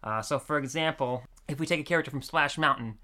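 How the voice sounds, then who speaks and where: A man's voice: on the high side, fast, bright, forceful tone. A man hosting a casual podcast chat, talking loosely, laughing often and tripping over repeated words. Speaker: podcast host.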